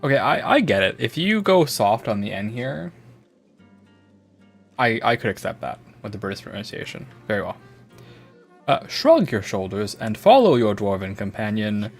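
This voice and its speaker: A man's voice: lowish voice, big pitch swings, moderate pace, vocal fry, faint music behind. A man streaming a game, chatting playfully and rambling, slipping into a put-on British accent. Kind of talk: casual gameplay commentary.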